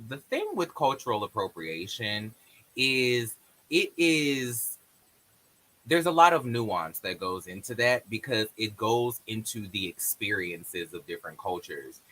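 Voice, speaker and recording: Bright, emphatic male podcast host. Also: fairly low pitch, rough recording. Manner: emphatic and animated, quick asides. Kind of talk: casual group chat.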